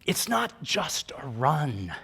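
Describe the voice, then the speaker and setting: A man's voice: a little high, sing-song, slow pace, vocal fry, bright, forceful tone, husky. Earnest man giving a motivational talk. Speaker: conference speaker. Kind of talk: keynote talk to a live audience.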